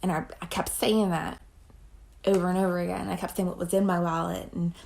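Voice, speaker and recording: A young woman tells a personal story straight to the camera. Her voice sits fairly low with plenty of gravelly fry. She rambles bluntly, swears freely and acts out the dialogue as she goes. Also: little pitch movement, fairly quick, a little mellow, slight background noise. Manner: blunt, profane, rambling retelling with quoted dialogue. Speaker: storytime vlogger. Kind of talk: casual storytime.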